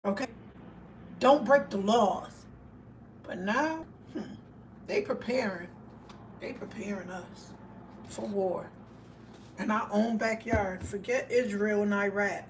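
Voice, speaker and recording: A woman's voice: mid-range voice, takes it slowly, pauses often, recorded from a distance. Emphatic woman livestreaming, a bit off mic. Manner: emphatic storytelling, addresses viewers directly. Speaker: livestream host. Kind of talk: casual livestream talk to viewers. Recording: voice a bit off mic, faint background noise.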